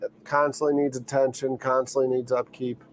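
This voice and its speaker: A man's voice: mid-range voice, fairly quick, a little hiss or hum. A man hosting a live stream from a boat, chatting loosely with viewers and rambling a little, sleepy and yawning. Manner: rambling, relaxed, reads out chat names. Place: on a boat during a storm.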